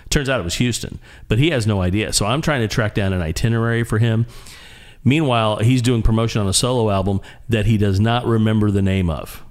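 Low-ish guy telling a story on a podcast, animated, keeps restarting his sentences. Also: fairly quick. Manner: animated, with frequent restarts and repeated words. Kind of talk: casual anecdote telling.

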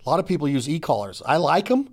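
A middle-aged man hosting a casual hunting podcast, talking in an energetic, emphatic, rambling way. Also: a little high, quick pace. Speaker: podcast host.

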